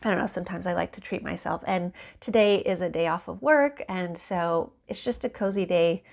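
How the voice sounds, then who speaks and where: A woman's voice: on the low side, normal speed, creaky, darkish tone. A woman in a casual chat at home by a window, talking in a rambling, chatty way and laughing often. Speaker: book vlogger.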